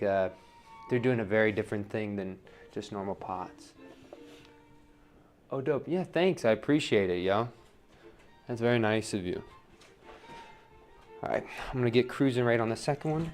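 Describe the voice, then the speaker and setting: A man demonstrating wheel throwing on a livestream, talking casually, counting his pulls aloud and asking "right?" a lot. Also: lowish voice. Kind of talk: live-streamed pottery demo. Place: pottery studio at the wheel.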